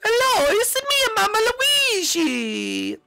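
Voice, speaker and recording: A man voicing a doting elderly mother in a shrill falsetto for a game video skit. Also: huge pitch swings, slow, creaky, sharp tone, soft background music, heavily acted. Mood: pleading, doting.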